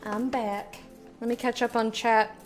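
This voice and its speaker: A woman's voice: a little high, little pitch movement, measured pace, soft background music. A young woman streaming a game, chatting casually with viewers in a playful, bubbly way that slips into singsong. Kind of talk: casual live-stream chat.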